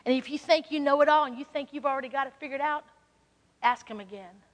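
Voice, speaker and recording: High-voiced Southern woman preaching. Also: quick pace. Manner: animated, conversational preaching. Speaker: speaker. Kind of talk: sermon storytelling. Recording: reverberant hall.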